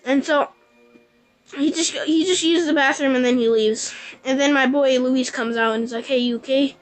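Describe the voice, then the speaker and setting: A woman's voice: high voice, fairly even intonation, normal speed, soft background music, low-quality recording. A woman vlogger telling a rambling personal story casually, full of "like". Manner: rambling, breathless retelling with many likes. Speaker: gaming vlogger.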